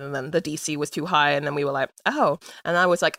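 A woman's voice: low-pitched, fairly even intonation, quick pace, hardly any pauses, fairly bright tone, no room sound, studio quality. A woman from London co-hosting a podcast, telling a game story in a playful, giggly way. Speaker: podcast co-host. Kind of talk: casual chat, storytelling.

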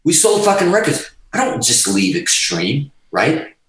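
A man in his fifties, a guitarist guest on a podcast, telling stories in a profane, animated way and laughing through them. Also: a little high, unhurried. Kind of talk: storytelling in casual chat. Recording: very echoey room, far from mic.

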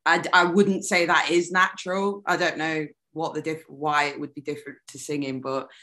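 A young woman musician chatting as an interview guest, animated and laughing often, often trailing off mid-sentence. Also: low voice, normal speed. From United Kingdom. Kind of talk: casual interview chat.

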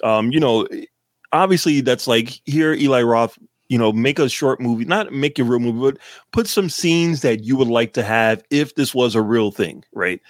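Rambling, profane podcast co-host from Massachusetts. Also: male voice, medium pitch, moderate pace, no room sound, clean studio sound. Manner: rambling, frequent fillers and profanity. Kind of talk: casual movie review chat.

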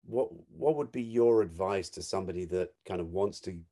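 A man's voice: low voice, fairly quick, warm tone. A man hosting an interview, mostly giving short replies and laughing along. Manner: brief responsive, laughs often. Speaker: host.

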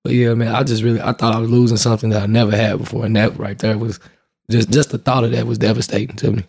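A young man and father, a guest speaking in a relaxed, earnest and soft-spoken way. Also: fairly low pitch, quick pace, gravelly, breathy edge, no room sound, studio quality. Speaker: guest, father and youth baseball mentor. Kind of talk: casual conversation.

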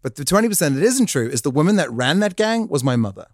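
A man, a podcast guest telling a comic story in a jokey, animated way. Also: on the high side, fast talker, no echo, clean studio sound. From South Africa. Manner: animated, jokey, acts out voices in his stories. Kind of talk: comic storytelling in casual chat.

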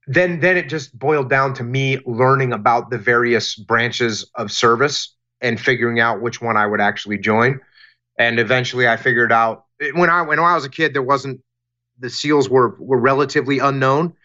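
A man answering interview questions about leadership in a deliberate, emphatic way, often repeating phrases for emphasis. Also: mid-range voice, sharp tone, lo-fi sound. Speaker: guest, former military leader.

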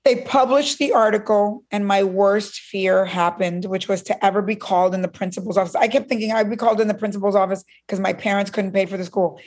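Speaking a little fast and with few pauses, a woman from Cuba in a mid-range voice tells a story as a conversation guest. She animatedly performs the voices she quotes.

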